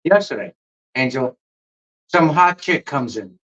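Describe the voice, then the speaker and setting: A man's voice: medium pitch, animated, measured pace, fairly bright tone. A man who owns a cigar shop, telling stories on a podcast in a blunt, emphatic way and swearing freely. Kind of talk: casual storytelling on a podcast. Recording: dull lo-fi podcast audio.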